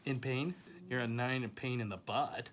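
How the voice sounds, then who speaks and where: A man's voice: mid-range voice, fairly even intonation, moderate pace, a bit bright, a little hiss or hum. A man filming a vlog in a hospital room, talking in a playful, teasing way and laughing often, into the phone he holds. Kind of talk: casual joking vlog. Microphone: phone camera he holds.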